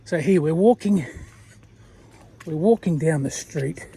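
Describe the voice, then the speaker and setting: High-voiced man rambling on a night walk. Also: a little slow, gravelly, warm tone, breathy edge. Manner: rambling, chatty, laughs often. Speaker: vlogger. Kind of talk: casual walking vlog. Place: outdoors on a street at night.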